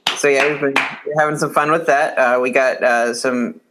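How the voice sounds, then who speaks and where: A man's voice: mid-range voice, steady tone, moderate pace, noisy background. A man co-hosting a casual podcast, rambling along with many likes and uhs. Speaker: podcast co-host.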